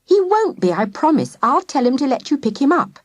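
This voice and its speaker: Woman as earnest young boy, gentle, high voice. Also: very animated, fairly quick. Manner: urging, soothing.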